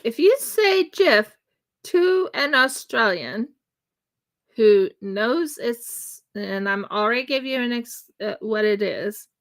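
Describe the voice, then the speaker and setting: A woman from the United States tells a story at a slow, unhurried pace while she crafts on a livestream. Her voice is bright and fairly high. She acts out the dialogue as she goes. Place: home craft room.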